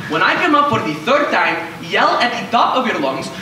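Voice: big pitch swings, moderate pace. A young man playing a scheming con man who stages drownings for money, haggling theatrically on a school stage. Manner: haggling, theatrical, sweeping pitch, shouts for help. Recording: echoey stage heard from far off with hiss.

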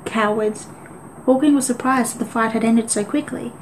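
A woman's voice: fairly high pitch, fairly even intonation, a little fast, darkish tone, slight background noise, rough recording. Woman reading a children's animal novel aloud. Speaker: audiobook reader. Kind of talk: audiobook narration.

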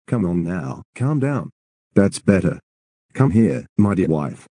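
A performer voicing a calm, soothing cartoon father with a very deep voice. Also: slow pace, husky, dry recording, full character voice.

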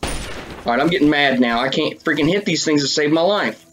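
A man giving casual commentary over a video game, excitable and swearing often as he talks to his viewers. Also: fairly high pitch, normal speed, background noise. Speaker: let's play gamer.

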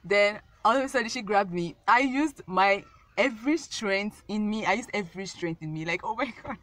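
A woman's voice: medium pitch, expressive, normal speed, fairly bright tone. A young woman telling a casual storytime vlog, rambling and repeating herself with many fillers. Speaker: vlogger.

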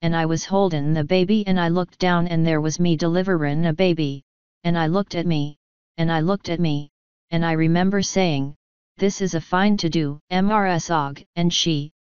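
A woman's voice: fairly low pitch, steady tone, normal speed, a little mellow, clear, resonant tone, no echo, muffled recording, close to an everyday voice. A woman voicing a chatty elderly midwife with folksy, g-dropping speech. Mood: reminiscing.

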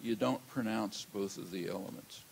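An older man delivers a scholarly lecture in a hall, slow and deliberate, pausing often on "uh". His voice sits low with a gravelly, creaky edge. A faint hiss runs under the recording. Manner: measured, halting, many "uh" fillers. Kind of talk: academic lecture. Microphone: handheld or lectern mic.

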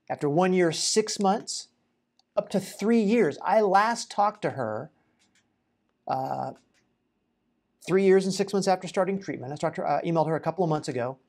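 In a high, a little mellow male voice, a chiropractor explains a patient's case directly to camera. The delivery is casual and educational, sprinkled with rhetorical questions and filler-filled pauses.

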